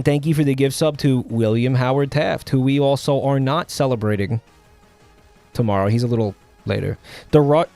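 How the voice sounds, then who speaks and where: Guy streaming, just rambling to chat, lots of um and like, kinda dry and sarcastic, music low in the back. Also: darkish tone. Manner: rambling, halting, with many fillers and restarts; offhand and sardonic. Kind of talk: casual live-stream chat.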